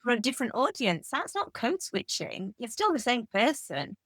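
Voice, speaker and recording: English woman in her 50s chatting in an interview, animated storyteller, dry close sound. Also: fairly high pitch, normal speed, no room sound. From England. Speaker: guest author. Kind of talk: conversational interview.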